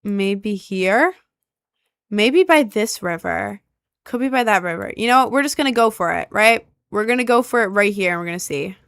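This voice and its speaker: A woman's voice: mid-range voice, expressive, normal speed, a bit bright, smooth, no room sound. A young woman streaming a map-guessing game, thinking aloud and asking her chat for help in casual gameplay commentary.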